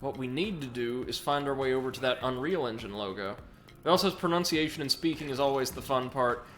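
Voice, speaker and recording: A man's voice: medium pitch, fast talker, faint music behind. A man hosting a let's play, chatting casually and reacting to viewers while he plays, often correcting himself mid-sentence. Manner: chatty, self-correcting, excitable. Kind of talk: casual gameplay commentary with chat reading.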